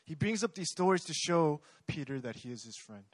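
A man's voice: a little high, expressive, fairly quick, no room sound. A young man preaching a sermon in a conversational way, often asking the congregation questions. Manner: conversational, asks the audience questions.

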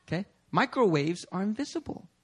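High-voiced man preaching casually. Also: fairly quick, background noise. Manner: animated, peppers talk with "okay?" and "right?"; acts out listeners' voices in quotes. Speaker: pastor. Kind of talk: conversational sermon. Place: church sanctuary.

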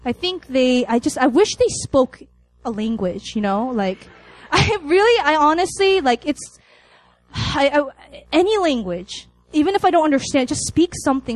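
Animated young woman preaching a sermon. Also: high voice, normal speed, dry recording, rough recording. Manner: animated storytelling with laughs and acted-out lines. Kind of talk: sermon to college students.

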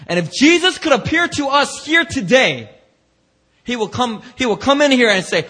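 A man preaching a lively sermon in church, acting out quoted voices with slangy asides and a husky edge. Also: very high voice, normal speed. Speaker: pastor.

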